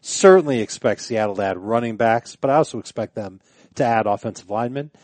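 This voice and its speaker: Male co-host, wry deadpan jokes, mid-range voice, dry studio sound. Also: medium pitch, brisk, no echo. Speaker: podcast co-host. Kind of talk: casual sports chat.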